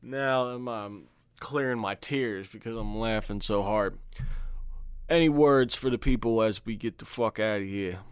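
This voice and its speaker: Man, podcast co-host, casual chat, laid-back, smooth resonant voice, dry sound. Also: fairly low pitch, a little slow, no room sound.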